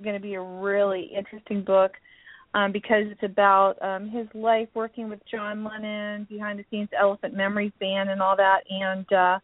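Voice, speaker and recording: A woman's voice: mid-range voice, no echo. A woman hosting a radio show, chatting casually and running through upcoming guests with plenty of ums. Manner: chatty, lists upcoming guests with many fillers. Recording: narrow phone-like line, dry.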